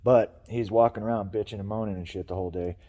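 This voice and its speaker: Man, vlogger, dark mellow voice, rambling, swearing, casual venting. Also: lowish voice, fairly even intonation, quick pace, in a large hall, lo-fi sound. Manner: rambling, profane, frustrated venting. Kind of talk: casual morning vlog, venting about work.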